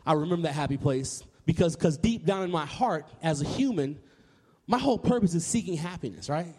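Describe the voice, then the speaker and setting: A man in his thirties from Tennessee, telling an animated personal story to a live audience, often repeating words and acting out voices. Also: a little high, brisk, slightly rough, big-room sound. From Nashville, Tennessee, US. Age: 30s. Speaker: public speaker.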